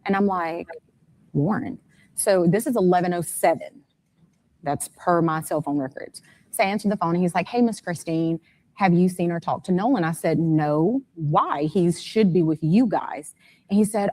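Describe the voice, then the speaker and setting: A woman's voice: fairly low pitch, normal speed, a little mellow. A woman speaking as an interview guest, a mother telling events step by step in detail and growing urgent and frantic. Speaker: guest, mother of a missing son.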